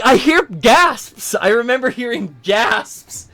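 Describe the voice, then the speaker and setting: A man's voice: very high-pitched, animated, slow, hardly any pauses, bright, forceful tone. A man in his thirties co-hosting a game stream, telling a casual, profane, rambling story. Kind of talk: casual storytelling over gameplay.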